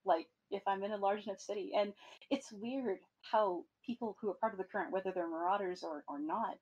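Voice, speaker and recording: A woman hosting a podcast, telling stories in a casual, animated way with plenty of swearing. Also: mid-range voice, fairly quick, breathy edge, muffled recording. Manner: animated storytelling with profanity. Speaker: podcast host.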